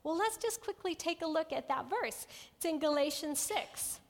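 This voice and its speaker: A woman teaching a Bible study to a women's group in an earnest, gentle way, often checking in with her listeners. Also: high voice, animated, normal speed. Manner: asks the audience frequent check-in questions. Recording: long hall reverb.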